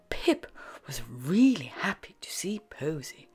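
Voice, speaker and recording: A woman reading a children's bedtime story aloud in a soft, half-whispered, sing-song manner. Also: low voice, sing-song, slow, slightly rough, soft background music.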